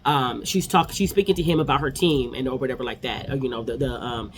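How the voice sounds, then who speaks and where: A woman's voice: extremely low pitch, quick pace, slight background noise. A woman in her forties giving a chatty, opinionated casual recap of reality TV episodes.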